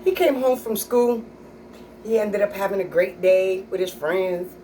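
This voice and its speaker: A woman's voice: medium pitch, a little slow, dark tone, recorded from a distance, slight background noise, low-quality recording. A middle-aged woman comedian telling stories about her kids in a sassy, blunt, profane way. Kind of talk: stand-up storytelling.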